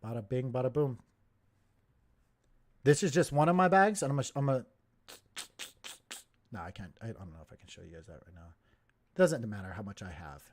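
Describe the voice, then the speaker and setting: A man's voice: medium pitch, very animated, fairly quick, pauses often. A man hosting a crypto livestream, talking in a heated, emphatic way and repeating himself as he gets worked up.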